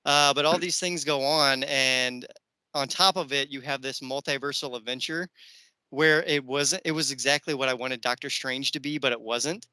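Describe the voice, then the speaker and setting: A man's voice: mid-range voice, steady tone, moderate pace, bright, forceful tone, clean tone, dry recording, low-quality recording. A man hosting a podcast, chatting casually and enthusiastically about movies with plenty of fillers. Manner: enthusiastic, rambling with many fillers. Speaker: podcast host.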